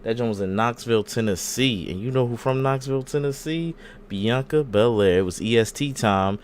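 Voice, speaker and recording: A man's voice: mid-range voice, normal speed, slight background noise. A young man hosting a casual wrestling podcast, bantering with his co-hosts and recapping matches with exaggerated voices. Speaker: podcast host.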